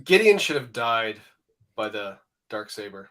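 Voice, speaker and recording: A man's voice: fairly low pitch, very animated, a little slow, sharp tone. A man co-hosting a casual pop culture chat, hesitant and trailing off. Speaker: podcast co-host.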